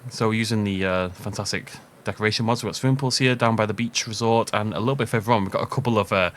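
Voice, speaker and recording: A man giving a casual, upbeat commentary on a video game park tour, chatty and quick to laugh at his own jokes. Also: fairly low pitch, fairly even intonation, a bit bright, a little hiss or hum.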